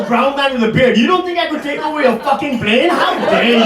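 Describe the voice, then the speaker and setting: A man's voice: extremely high pitch, expressive, fast talker, few pauses, very noisy. A man in his forties performing stand-up comedy live, doing crowd work with the audience. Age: 40s. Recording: roomy live hall, distant mic, crowd laughter.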